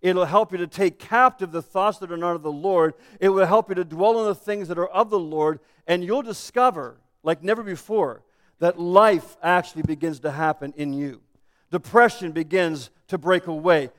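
A man's voice: high-pitched, moderate pace. A man preaching a sermon as pastor, earnest and building to emphatic declarations. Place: church sanctuary. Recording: echoey church hall.

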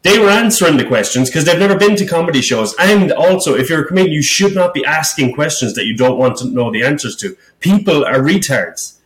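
A man's voice: on the high side, expressive, fairly quick, few pauses. A man who hosts a podcast and does stand-up comedy, telling a story in a worked-up, rambling way and swearing a lot. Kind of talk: casual podcast chat. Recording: roomy echo.

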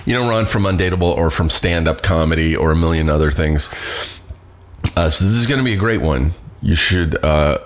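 A man's voice: sits low, fairly quick. A middle-aged man hosting a podcast, rambling in a laid-back way with some swearing. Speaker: podcast host. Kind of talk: casual chat.

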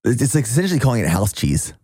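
A man's voice: mid-range voice, big pitch swings, rapid-fire, dark tone, husky, dry recording. Laid back guy chatting on a podcast, pokes fun at himself, dry close sound. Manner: easygoing, self-deprecating, laughs at himself. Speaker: podcast host and athlete. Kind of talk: casual chat.

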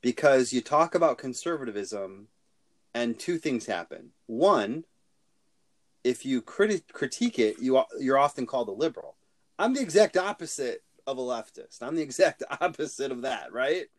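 A man co-hosting a podcast discussion, speaking slowly and deliberately as he picks his words with care. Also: medium pitch, lively intonation. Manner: slow and deliberate, choosing words carefully. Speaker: podcast co-host.

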